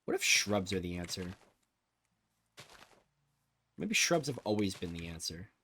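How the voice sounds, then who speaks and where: A young man chatting casually while playing a building game, rambling in a low-key monotone with sudden excited bursts. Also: measured pace, husky. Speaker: gaming vlogger.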